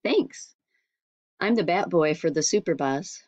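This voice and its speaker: A man's voice: a little high, lively intonation, measured pace, darkish tone, muffled recording. A woman reading a storybook, voicing a spirited young boy who protests indignantly.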